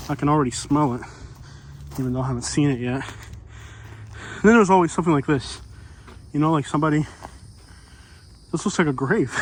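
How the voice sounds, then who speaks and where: A winded man talks his way through hot, buggy woods, his voice sitting a little higher than most men's. He rambles in a folksy, casual way and keeps leaning on "you know." Faint outdoor ambience hums behind a camera mic. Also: slight background noise. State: out of breath. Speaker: vlogger exploring homeless camps. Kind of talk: casual walking vlog narration.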